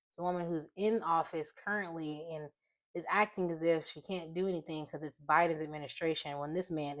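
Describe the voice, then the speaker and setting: A woman in her twenties hosting a casual opinion vlog, talking in an animated, rambling way and breaking into exclamations. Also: deep voice. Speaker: vlog host.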